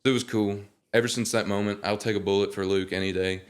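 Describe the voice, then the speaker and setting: Young guy with a low voice, telling funny stories, laid-back chat. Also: fast talker. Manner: animated, joking storyteller. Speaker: guest singer. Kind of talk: casual interview chat.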